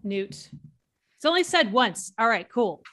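Higher-voiced playful woman guest, teasing. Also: big pitch swings, fairly bright tone. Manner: playful, teasing, quick asides. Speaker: podcast co-host guest. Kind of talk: casual podcast chat.

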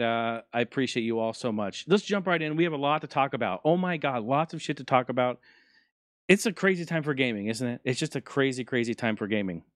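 Animated, profane man hosting a podcast. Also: mid-range voice, no room sound, clean studio sound. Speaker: podcast host. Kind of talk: casual solo podcast chat.

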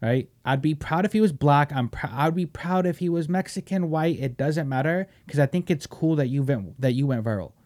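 Man, podcast host, heated profane rant, mocking, loud bursts then low mutters. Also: normal speed, few pauses. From Washington State, US.

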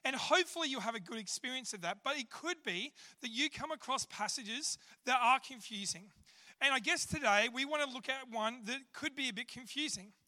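An Australian man delivers a casual, self-deprecating sermon in a church. His voice sits very high and sounds bright and sharp. A long reverb from the church hall trails after his words. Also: expressive, fairly quick. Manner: chatty, self-deprecating, with fillers. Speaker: church speaker. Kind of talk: sermon with humorous storytelling. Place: church service.

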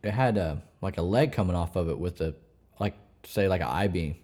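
Host, male, lowish voice, easygoing and profane, chats about diving jobs. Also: brisk, darkish tone. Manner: laid-back, profane, chatty. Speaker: podcast host and commercial diver. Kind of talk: casual podcast chat.

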